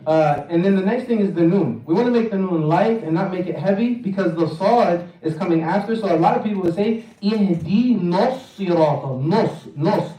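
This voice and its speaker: A man's voice: high voice, fairly quick, few pauses, dark tone. A man teaching a tajweed class, drilling pronunciation and chanting verses for the group to repeat. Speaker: Quran recitation teacher. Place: mosque hall. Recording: echoey hall, mic at a distance.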